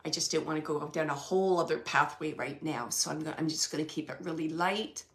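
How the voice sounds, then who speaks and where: A woman giving a spirit reading as a medium, rambling and halting with many fillers and frequent laughs. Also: sits low, fairly bright tone.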